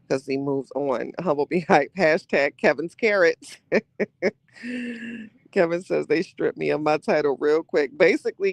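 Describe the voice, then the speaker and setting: A man's voice: on the high side, vocal fry, dry recording. A man hosting a casual live podcast, reading viewer comments aloud and reacting to them with gossipy, slangy asides and frequent laughter. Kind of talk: casual live-stream chat.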